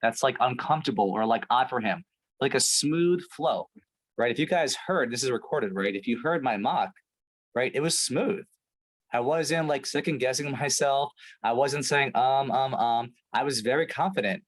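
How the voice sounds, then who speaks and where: A man's voice: mid-range voice, animated, normal speed, a bit bright, rough recording. A man coaching a sales team over a video call, talking emphatically with lots of "right?" and "like". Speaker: sales trainer.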